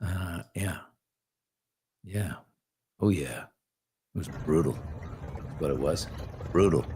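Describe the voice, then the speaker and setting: A man's voice: rumbling low, slow, background noise. A man hosting a casual live morning chat, reading out viewer comments and rambling through stories with many fillers and restarts. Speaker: talk show host.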